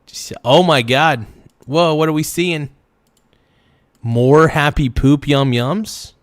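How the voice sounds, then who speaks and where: A man's voice: fairly high pitch, slow pace, dry recording, clean studio sound. A man in his forties hosting a casual livestream, reacting to a video in a playful way and repeating phrases in a sing-song.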